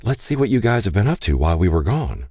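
A man voicing a graceful young woman who speaks in a calm, caring way. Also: fairly low pitch, fast, husky, dry recording, studio quality, voice pushed up. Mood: friendly. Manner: soothing.

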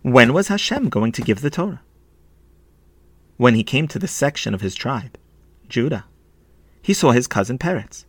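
A man narrating a children's story expressively, slowing and hushing for sad moments. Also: mid-range voice, animated, breathy edge, no echo. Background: faint violin music.

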